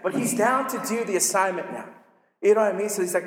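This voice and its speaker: A man preaching a casual, animated sermon, acting out the characters in quick voices. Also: high-pitched. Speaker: pastor. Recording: echoey hall with long reverb.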